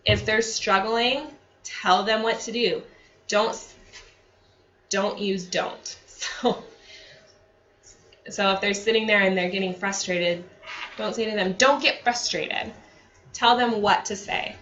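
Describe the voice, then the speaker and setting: A woman training therapists in a relaxed, conversational way, full of fillers and acted-out examples. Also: medium pitch, slow, long pauses. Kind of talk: staff training talk. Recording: dull lo-fi audio.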